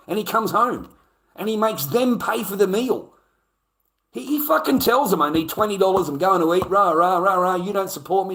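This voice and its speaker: A man's voice: high-pitched, fairly bright tone. An Australian man ranting to his audience in a casual, profane, indignant way, repeating his points. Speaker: streamer. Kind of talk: casual rant to camera.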